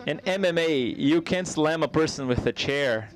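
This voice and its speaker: A man giving a live spoken interpretation of a stand-up comedy set, conversational and halting, with frequent restarts. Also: on the high side, lively intonation.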